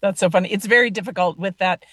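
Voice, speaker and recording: A woman's voice: mid-range voice, quick pace, a bit bright, dry recording. A woman host chatting casually and sharing amused anecdotes. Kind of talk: casual chat.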